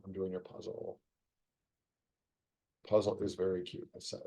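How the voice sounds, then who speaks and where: A middle-aged streamer, tired and yawning, mumbles through a puzzle and teases its setter in relaxed commentary. His low voice is gravelly, mellow and slightly rough, delivered completely flat and a little slowly.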